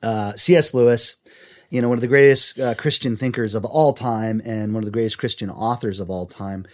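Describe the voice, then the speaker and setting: A man's voice: lowish voice, fairly even intonation, a little fast, darkish tone. Earnest man co-hosting a faith podcast. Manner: earnest, reads quotes aloud. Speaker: podcast co-host.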